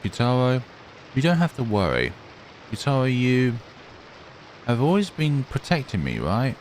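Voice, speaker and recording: A man's voice: medium pitch, huge pitch swings, measured pace, a little hiss or hum, low-quality recording. A man reading the lines of a frightened young girl who pleads and calls for help in a horror game. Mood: reassuring.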